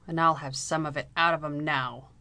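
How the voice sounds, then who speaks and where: A woman's voice: low-pitched, steady tone, moderate pace, pushed and bright. A woman voicing a hot-tempered Irish army captain who roars and blusters, in a put-on Irish accent. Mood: furious. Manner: roaring, blustering.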